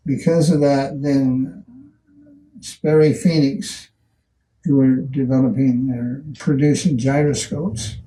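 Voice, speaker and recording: An older man in an interview, telling stories from his career slowly, with many restarts and pauses. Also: medium pitch, dark tone, far from the mic, rough recording. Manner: slow, halting storyteller with many restarts. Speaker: value engineering pioneer. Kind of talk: recollecting in an interview.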